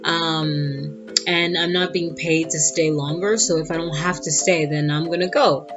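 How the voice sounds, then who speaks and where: A woman with a low voice tells a personal story in a casual, animated way, with sassy asides. The audio is dull and lo-fi, and plucked guitar music plays clearly underneath. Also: measured pace. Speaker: vlogger.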